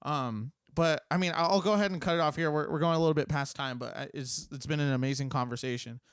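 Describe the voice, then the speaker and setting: A young man with a fairly high voice hosts a podcast in an earnest, halting way, often restarting his sentences. The recording is close and dry. His tone is casual, like a friend venting. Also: clean tone, no echo. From United States. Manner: earnest, hesitant, with frequent restarts. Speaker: podcast host. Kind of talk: casual chat.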